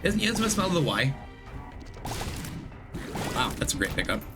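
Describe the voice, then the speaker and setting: A man's voice: medium pitch, big pitch swings, moderate pace. Rambling male streamer over game music. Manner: rambling, self-correcting, chatty with viewers. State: recovering from illness. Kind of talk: casual gameplay commentary.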